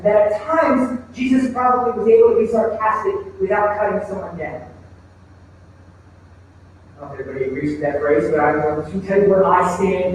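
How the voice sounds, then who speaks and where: Male pastor with a high voice, conversational sermon, distant mic in a reverberant church hall. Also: slight background noise. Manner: conversational preaching, asks the congregation rhetorical questions. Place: church sanctuary.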